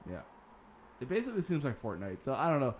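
A man's voice: medium pitch, wildly swooping pitch, fast, slight background noise. A man hosting a casual gaming news podcast, sarcastic and swearing now and then. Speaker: podcast host.

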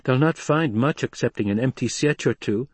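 A man voicing a proud, anxious young desert widow in a storybook reading, pitched above his own voice. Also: normal speed, breathy edge, no echo, lightly acted. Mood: wary.

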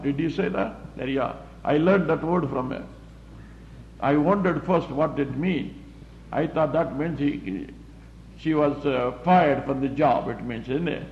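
Male preacher, slightly high voice, roomy muffled recording. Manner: plain-spoken, repetitive, halting with fillers. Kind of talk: sermon. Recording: roomy, muffled recording with faint background hum.

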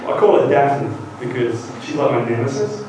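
A British man in his forties giving a lively, joking conference talk and acting out quotes as he goes. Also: mid-range voice, moderate pace, background noise. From Great Britain. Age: 40s. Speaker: guest lecturer. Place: large university lecture hall. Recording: echoey hall taped from far off.

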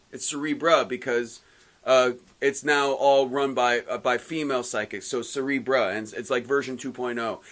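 A man's voice: on the high side, a bit bright. A man co-hosting a casual comic book chat, retelling scenes animatedly and acting out characters' lines. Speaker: comic book podcast co-host.

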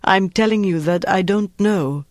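A man narrating a novel voices a proud, guarded French woman of about fifty, speaking quietly and with restraint. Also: sits high, unhurried, dry recording, studio quality.

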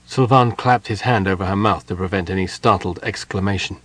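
A man narrating an audiobook in a measured, quiet way. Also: deep voice, breathy edge, dry recording, poor audio.

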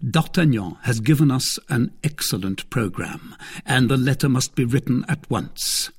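A man voicing a grave, sorrowful male musketeer who speaks quietly and sparingly, with a husky tone. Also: mid-range voice, expressive, measured pace. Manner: quiet, somber and sparing with words.

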